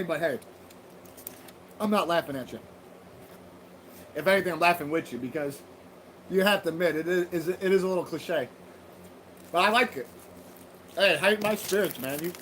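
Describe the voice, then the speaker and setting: A man's voice: sits high, fairly bright tone, a little hiss or hum, rough recording. A man hosting a livestream, chatting loosely with viewers, swearing freely and laughing at their comments. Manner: loose, profane, laughing banter. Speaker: livestream host. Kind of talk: casual livestream chat with viewers.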